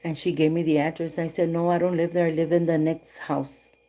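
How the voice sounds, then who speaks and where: Woman livestreaming, casual storytelling, low voice, mellow tone, acts out both sides of conversations, drops in Spanish words. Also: fairly quick. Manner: animated retelling, voicing both sides of dialogue; mixes in Spanish phrases. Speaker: livestream host.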